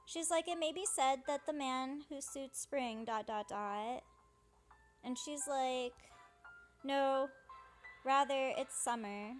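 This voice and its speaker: A woman's voice: sits high, slow, soft background music. A woman casually narrating a game playthrough, paraphrasing characters' lines in a chatty way. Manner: chatty, paraphrases dialogue with "she's like". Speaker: fan dubber playing through a game.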